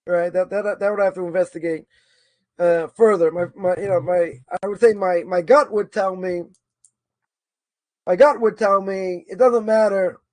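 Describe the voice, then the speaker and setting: Male teacher, high voice, dry close sound, informal lecture that thinks aloud and keeps asking "right?". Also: fairly even intonation, normal speed, no room sound. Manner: thinking aloud, argues both sides, many repetitions and "right?". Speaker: Torah course teacher. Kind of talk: informal lecture answering a question.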